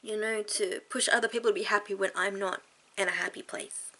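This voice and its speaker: Aussie woman vlogging, teary and earnest, sighs a lot, pauses between bits. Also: medium pitch, steady tone, a bit bright. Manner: earnest and heartfelt, halting with sighs. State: tearful. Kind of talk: frank personal vlog talk.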